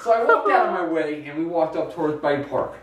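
A man telling stories in a casual chat, animated and joking. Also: on the high side, brisk, reverberant. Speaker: husband on a vlog. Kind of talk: casual storytelling.

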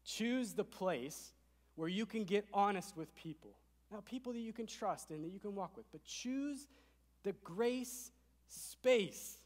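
A man with a slightly high voice preaches to his congregation, pressing each point with emphasis. He drops to a hush, then climbs loud again. His voice rings with long reverb through the church sanctuary. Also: moderate pace. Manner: emphatic, swings between soft and loud. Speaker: pastor. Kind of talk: sermon.

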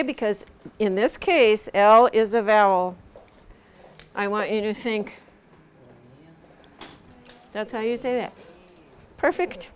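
A woman teaching English pronunciation in a live lesson, patiently drilling vowel sounds slowly over and over. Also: a little high, clean tone.

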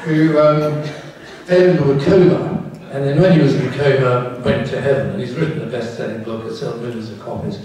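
A man's voice: medium pitch, fairly even intonation, a little fast, a little mellow, distant mic. Wry older man in an echoey hall. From England. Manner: wry, candid, self-deprecating asides. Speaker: neurosurgeon giving a talk. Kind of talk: public talk with audience questions. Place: lecture hall.

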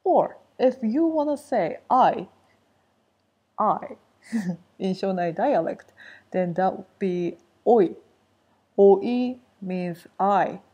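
A woman's voice: medium pitch, slow, pauses often, darkish tone, breathy edge, highs cut off. A woman giving a casual language lesson, explaining step by step and repeating key phrases. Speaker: language teacher.

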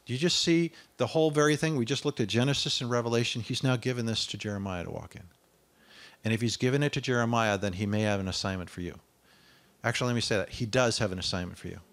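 A man preaching a sermon, reading scripture aloud and stopping to ask his listeners whether they follow, often rising to loud declamation on the quoted verses. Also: medium pitch, fast talker. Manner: conversational asides asking the listener.

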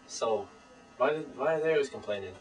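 A teenage boy co-hosting a comedy web show, talking with deadpan, matter-of-fact macho bluster. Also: medium pitch, brisk. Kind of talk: mock-serious comedy sketch. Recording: distant camera mic with mains hum.

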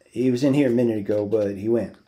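A man reading aloud, voicing a worried, protective ranch hand who gives quick, urgent warnings. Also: fairly low pitch, steady tone, warm tone, natural voice.

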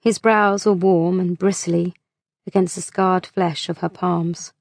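Low gravelly woman reading an audiobook. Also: steady tone, unhurried, darkish tone, no room sound. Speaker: audiobook narrator. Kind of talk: audiobook narration.

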